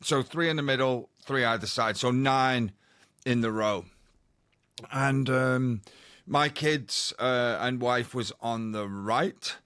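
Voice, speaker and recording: Man, mid pitch, rambling anecdotes, podcast co-host, dry close sound. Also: takes it slowly, a bit bright, clear, resonant tone, dry recording. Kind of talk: casual podcast chat.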